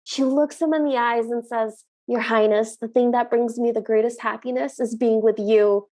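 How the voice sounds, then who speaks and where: A woman co-hosting a podcast, retelling a movie's plot in lively casual chat and acting out the lines. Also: a little high, normal speed. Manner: animated, laughing, recaps scenes and acts out the lines. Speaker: podcast co-host.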